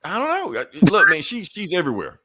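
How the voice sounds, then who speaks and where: A man's voice: high voice, wildly swooping pitch, quick pace, pushed and bright, no room sound. A man co-hosting a podcast, recapping comic books in a laid-back, profane, joking way. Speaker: podcast co-host. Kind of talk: casual comic book chat.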